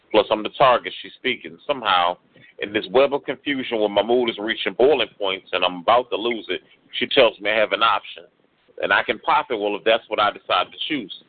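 A man performing a rhyming spoken word poem with a rhythmic, exasperated delivery. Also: lowish voice. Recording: tinny phone-like radio audio.

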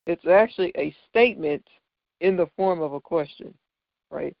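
A man's voice: a little high, normal speed, gravelly, dry recording. A man teaching figures of speech from scripture, patiently explaining and often checking in with "right?". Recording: dull lo-fi dry recording.

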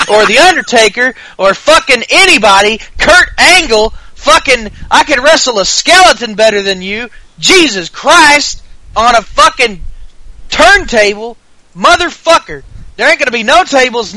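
A man doing an impression of a furious, trash-talking male pro wrestler, shouting profane taunts in a Southern US accent. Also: very high-pitched, no echo, voice pushed up, heavily acted, poor audio.

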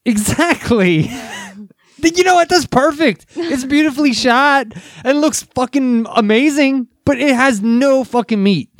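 A man's voice: very high-pitched, a little slow, dry recording, clean studio sound. A man co-hosting a podcast in casual chat, blunt and profane as he rants about movies. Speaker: podcast co-host.

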